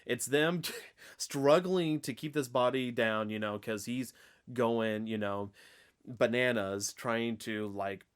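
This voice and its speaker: A man's voice: mid-range voice, slow, clean tone. A man with an Oklahoman accent co-hosting a casual podcast, rambling with lots of fillers and restarts. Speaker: podcast co-host. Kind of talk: casual chat.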